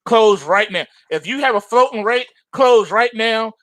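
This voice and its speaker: A man's voice: high voice, unhurried, dry recording. A male trading show host giving emphatic, slangy market commentary to his viewers, insistent and repetitive. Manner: animated and insistent, repeats phrases for emphasis; slangy, addresses viewers as folks.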